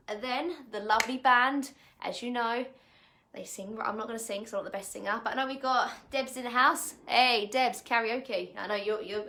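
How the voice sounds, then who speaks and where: A woman's voice: fairly high pitch, pushed and bright. A woman fitness coach, leading a live online workout at home in a chatty, upbeat way and laughing often. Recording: echoey room.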